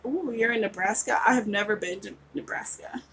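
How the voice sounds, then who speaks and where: A woman's voice: mid-range voice, brisk, a bit bright, slight background noise, rough recording. A woman in her forties from West Virginia, an author chatting casually with viewers during a live writing session, giggly and rambling. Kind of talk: casual livestream chat.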